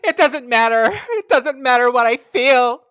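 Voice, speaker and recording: A woman's voice: high voice, animated, unhurried, fairly bright tone, clear, resonant tone, no room sound, studio quality, voice pushed up. A woman hamming up an anguished young woman pushing her lover away. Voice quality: forced American accent. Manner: tearful, melodramatic.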